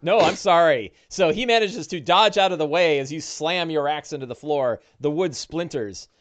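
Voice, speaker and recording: A man narrating as game master, describing combat and breaking into loud monster voices. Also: a little high, moderate pace. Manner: lively narration with shouted orc voices.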